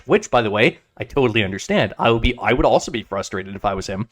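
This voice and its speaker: A man co-hosting a casual podcast, rambling with lots of restarts, swearing and lively retold stories. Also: on the low side, quick pace, few pauses, no room sound, clean studio sound. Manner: rambling, many restarts and swearing, animated retellings. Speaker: podcast co-host. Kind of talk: casual chat.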